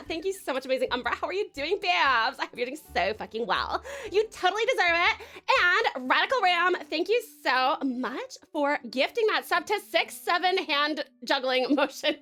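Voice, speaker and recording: A young Australian woman from Tasmania runs a casual live stream, gushing over her viewers in a bubbly, sweary way. Her voice sits high and bright and swings widely in pitch. Faint music plays underneath. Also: very animated, normal speed, few pauses.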